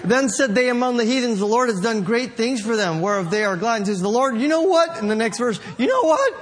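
A man's voice: very high voice, expressive, a little fast. A man preaching a sermon, telling a story with mimicked voices and laughing so hard he is in tears. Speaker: pastor.

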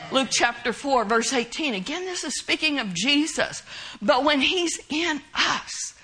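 A woman preaching a sermon with an emphatic, drawn-out cadence. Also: high-pitched, pushed and bright, rough recording.

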